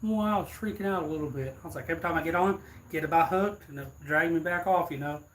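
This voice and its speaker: A man's voice: a little high, fast talker, a bit bright, a little hiss or hum. A man, telling a rambling, laughing story casually to his viewers. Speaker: streamer.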